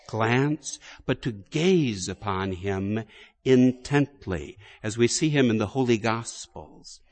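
A man, a Catholic priest, giving a sermon with deliberate preaching, swelling on strong words and dropping low and quiet at line ends. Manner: slow, deliberate preaching with emphatic rises and quiet drops.

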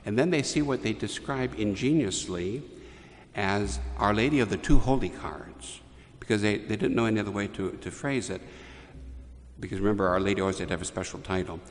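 A man preaching a homily, telling a story in a measured way with restarts and pauses. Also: fairly low pitch, big-room sound, slight background noise. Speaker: priest.

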